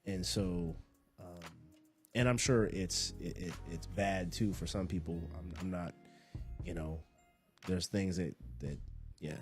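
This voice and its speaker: A man's voice: low voice, fairly even intonation, takes it slowly, faint music behind. A man hosting a podcast, giving a casual motivational monologue in a laid-back, rambling way, often repeating and restarting his phrases. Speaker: podcast host.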